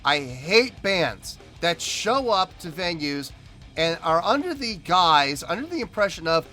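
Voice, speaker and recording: A man's voice: a little high, sing-song, unhurried, sharp tone. A man hosting a music reaction video, talking emphatically and repeating himself as he rants.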